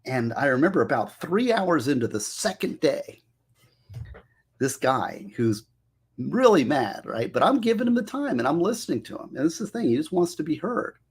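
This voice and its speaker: Husky, animated storytelling man. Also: medium pitch. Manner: animated, acts out quotes with shifting voices. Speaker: public defender reflecting on his career. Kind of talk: casual storytelling monologue.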